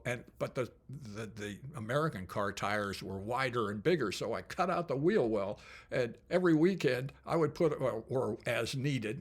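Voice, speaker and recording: An older man, a company founder, telling stories casually in an enthusiastic, colorful way with frequent asides. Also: mid-range voice. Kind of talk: casual storytelling.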